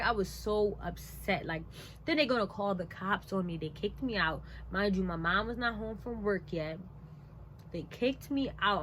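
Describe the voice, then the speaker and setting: A woman's voice: medium pitch, slight background noise. A young woman vlogger telling a personal story in a casual, emphatic way, with a lot of "like" and "blah, blah, blah.". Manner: animated, emphatic, conversational; frequent "like" and "blah, blah, blah".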